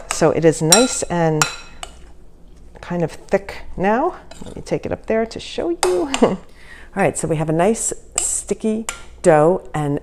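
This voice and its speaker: A woman's voice: low voice, noisy background. A woman chatting casually while demonstrating a recipe in her home kitchen, giggling and laughing at herself often. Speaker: home cooking vlogger.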